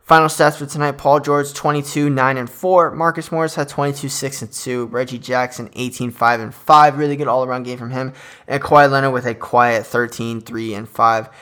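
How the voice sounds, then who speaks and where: A young man talks through a game recap on his own podcast, loose and filler-heavy like an excited fan. His voice has a bright, forceful edge. He sits at a middling pitch for a man. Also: moderate pace, smooth. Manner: chatty, filler-heavy, enthusiastic fan talk. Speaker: podcast host. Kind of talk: casual solo sports recap podcast.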